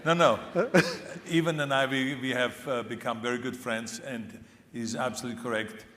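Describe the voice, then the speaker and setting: A man's voice: medium pitch, fairly even intonation, moderate pace, fairly bright tone. A man in his seventies with an Austrian accent, speaking as a guest on a conference stage in a playful, self-mocking way. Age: 70s. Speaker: celebrity spokesperson guest. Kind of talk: joking onstage conversation. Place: large conference hall stage. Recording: echoey hall with faint crowd noise.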